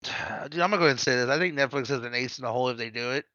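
A man with a bright, forceful voice jokes and laughs through a casual podcast chat. His mic sounds a little dull and lo-fi, and the sound is dry. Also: medium pitch, dry recording. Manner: jokey, laughing, quick asides.

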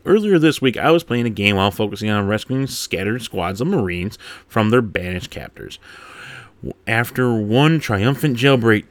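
A man hosting a podcast, reading a game blog post aloud and breaking off to laugh and comment excitedly. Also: mid-range voice, dry recording. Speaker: podcast host.

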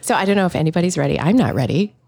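Bubbly woman host with a lively voice. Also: lowish voice, racing, creaky. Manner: bubbly, laughs easily. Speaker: podcast host. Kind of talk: casual podcast chat.

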